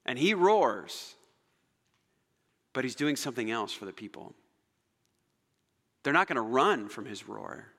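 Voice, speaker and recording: A male pastor preaching a sermon, telling stories dramatically and swinging between loud emphasis and near-whispers. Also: medium pitch. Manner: animated, dramatic storytelling with shifts between loud and soft. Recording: long hall reverb.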